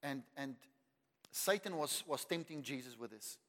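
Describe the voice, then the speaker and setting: A South African man preaching a sermon with emphasis, repeating words for effect and building to loud declarations. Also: medium pitch, animated, moderate pace. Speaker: pastor. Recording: long reverb of a large hall.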